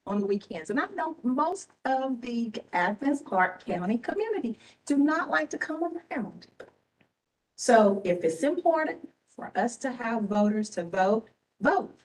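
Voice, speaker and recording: A woman's voice: fairly high pitch, sing-song, a little slow, recorded from a distance, rough recording. A tired woman, an elections official giving impassioned, repetitive, scolding remarks at a public board meeting. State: tired and emotional. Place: government meeting room.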